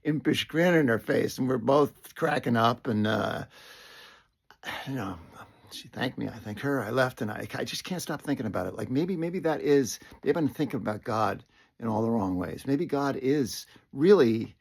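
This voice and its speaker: A middle-aged man tells a personal story straight to the listener, thinking aloud as he goes. His voice is gravelly and husky, and he often restarts his sentences and sinks into soft, whispered asides. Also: mid-range voice, lively intonation, moderate pace.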